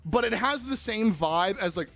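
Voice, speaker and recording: A livestreamer talking loosely with chat, voice jumping around in pitch as they ramble from one thing to the next. They giggle a lot and swear without a second thought. Faint music plays underneath. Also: expressive, moderate pace, a bit bright. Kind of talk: casual chat with viewers.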